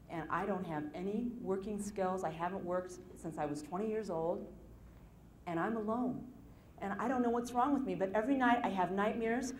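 A woman voicing a frightened middle-aged woman on the phone, speaking softly and haltingly through tears. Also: mid-range voice, slight background noise, natural voice, poor audio. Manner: soft, halting, tearful.

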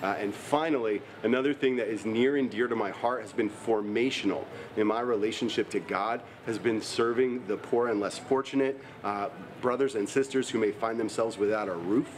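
A man's voice: on the low side, normal speed, hardly any pauses, slight background noise. Earnest man giving church announcements.

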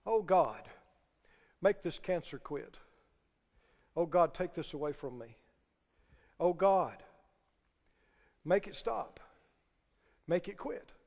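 A man mimicking a timid believer softly begging God for help, during a sermon. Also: lively intonation, slow, long pauses, big-room sound, heavily acted. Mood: pleading. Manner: pleading, soft and low.

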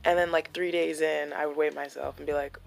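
A woman's voice: deep voice, flat delivery, brisk, vocal fry, soft background music. A young woman talking candidly and emotionally in a personal vlog, with many "like" fillers. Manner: emotional, confessional, full of "like" fillers. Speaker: vlogger.

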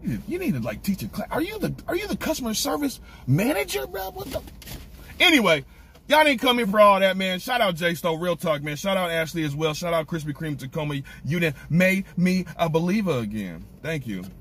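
Excitable, lively snack-reviewing man. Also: fairly high pitch, a little fast, breathy edge. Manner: excitable, animated ranting. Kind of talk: casual snack review vlog.

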